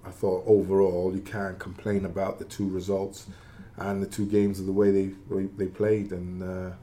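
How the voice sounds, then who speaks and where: A man's voice: deep voice, monotone, normal speed, mellow. A man who is a former footballer, talking football in a matey, emphatic way. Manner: matey, emphatic, laughs easily. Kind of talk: casual football punditry.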